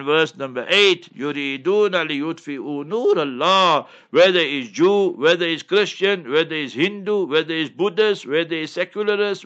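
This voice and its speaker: A man, an Islamic scholar answering listener questions on a call-in show in an impassioned, forceful way. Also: fairly high pitch, highs cut off. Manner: impassioned, forceful, repeats "you must remember".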